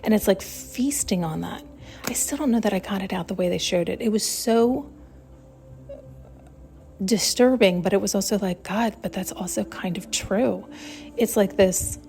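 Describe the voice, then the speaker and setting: Woman, solo podcast host, searching and emphatic, mid-pitched voice, faint music behind. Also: normal speed, creaky, a little mellow. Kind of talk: solo spiritual podcast monologue.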